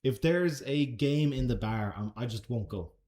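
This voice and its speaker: A man's voice: mid-range voice, expressive, moderate pace, dark tone. An Irish man answering chat questions on a casual live stream, laid-back and chatty, swearing now and then. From Ireland.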